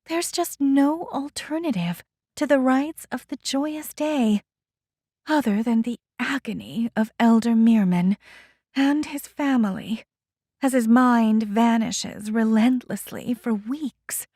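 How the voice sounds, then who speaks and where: A woman voicing a calm, condescending female religious official in an audiobook, measured and soothing. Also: on the high side, no room sound, studio quality. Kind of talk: audiobook character voice.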